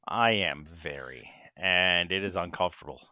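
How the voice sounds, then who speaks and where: Man, podcast co-host, casual rambling chat, deep voice, dry close mic. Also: moderate pace, bright, forceful tone, dry recording. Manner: rambling, joking, self-deprecating. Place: hot small bedroom with no fan. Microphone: desk microphone.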